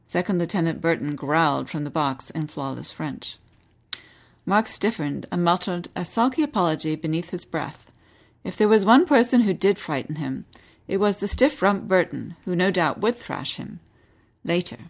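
A woman hosting a book podcast, reading a novel excerpt in a measured, expressive way and interviewing an author. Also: fairly low pitch. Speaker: podcast host.

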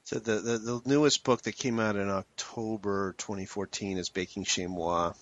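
A man's voice: fairly low pitch, normal speed, no room sound, lo-fi sound. A man interviewing a guest, asking questions in a vivid, wry and descriptive way. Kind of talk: interview conversation.

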